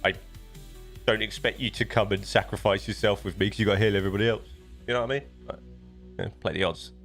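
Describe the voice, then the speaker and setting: A man's voice: lowish voice, steady tone, quick pace, fairly bright tone, faint music behind. Chatty British man streaming live. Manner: rambling, chatty, often restarts sentences. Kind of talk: casual live-stream chat. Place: home desk setup.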